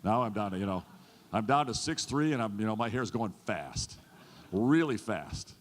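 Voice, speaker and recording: A man in his fifties, a state governor, delivers an earnest, folksy stump speech to a chamber audience, often repeating himself. His voice is lowish, animated and brisk, with a slight hiss or hum. The recording, made in a large event hall, carries a long reverb.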